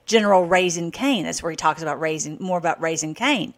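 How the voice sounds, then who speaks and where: A woman hosting an online show, chatting excitedly between clips, laughing often and going much higher when worked up. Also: fairly quick. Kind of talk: casual commentary over played clips.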